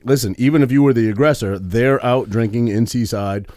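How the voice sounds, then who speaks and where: A man, co-hosting a podcast in relaxed, profane chat full of fillers. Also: medium pitch, a little fast, no echo, studio quality. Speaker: podcast co-host. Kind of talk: casual storytelling chat.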